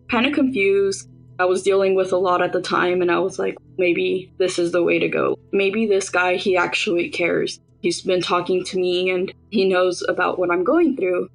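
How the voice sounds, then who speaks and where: A woman's voice: mid-range voice, creaky, rough recording. A young woman candidly recounting a painful personal story, quoting what others said. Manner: candid, matter-of-fact retelling with quoted dialogue. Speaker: survivor telling her story.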